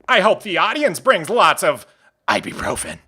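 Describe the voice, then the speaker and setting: A man's voice: on the high side, huge pitch swings, normal speed, pushed and bright, husky, exaggerated voice. A man doing Squilliam, a pompous snooty cartoon squid. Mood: smug.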